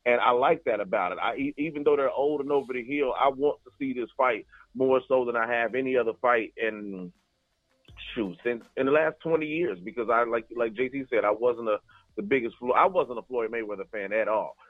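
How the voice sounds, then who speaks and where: A man's voice: mid-range voice, brisk, no echo. A man co-hosting a podcast, rambling through casual sports chat with restarts and fillers. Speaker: podcast co-host. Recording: tinny phone-like line.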